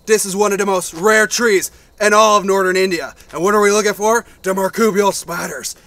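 A man playing an overblown wildlife explorer in a comedic mock nature documentary, talking with excitable bravado outdoors in the brush. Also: sits high, fairly quick, dry recording. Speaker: spoof wildlife explorer host.

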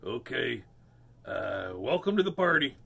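A man voicing a hungry male tuna in a storybook, speaking in a slow, low drawl. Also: very animated, creaky, a bit bright, slightly rough, heavily acted. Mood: sly.

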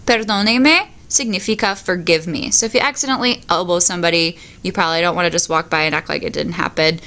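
A woman's voice: fairly low pitch, fast talker, bright, forceful tone. A woman teacher reads Spanish words one by one, then explains each in for her class. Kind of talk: recorded vocabulary lesson.

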